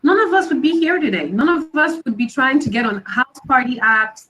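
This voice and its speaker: A woman's voice: high-pitched, animated, moderate pace, a bit bright, poor audio. A woman guest on a video call, speaking directly and emphatically. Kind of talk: casual interview talk.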